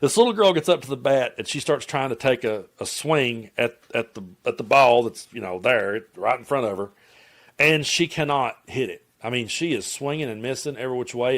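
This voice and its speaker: A middle-aged man with a Southern Appalachian accent talks politics casually. He rambles into stories, curses freely and speaks bluntly at a middling pitch. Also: fairly quick. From Tennessee, US. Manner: rambling, blunt, profane storytelling. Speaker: political commentator. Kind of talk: casual political commentary vlog.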